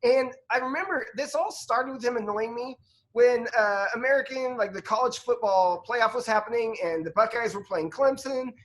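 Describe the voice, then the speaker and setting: Podcast dude talking sports, keeps restarting and going off on tangents. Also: male voice, very high-pitched, fairly bright tone. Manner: halting, lots of restarts and asides. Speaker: podcast co-host. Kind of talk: casual sports chat.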